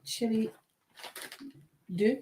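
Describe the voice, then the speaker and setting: A woman's voice: drawn-out words, dark tone, slight background noise. Chatty woman co-hosting a snack show. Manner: chatty, playful, trails off mid-word. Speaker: snack review show co-host. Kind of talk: casual chat tasting snacks.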